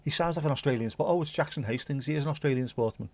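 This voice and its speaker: A man's voice: a little high, racing, a little mellow. A man hosting a casual livestream, rambling and chatty, swearing casually and humming little tunes. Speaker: livestream host.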